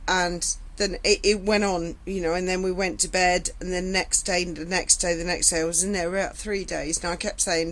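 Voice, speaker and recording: A middle-aged woman tells a personal story slowly, emotional and halting, often repeating her words. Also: lowish voice, level tone, a bit bright, poor audio. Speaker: vlogger recounting her past.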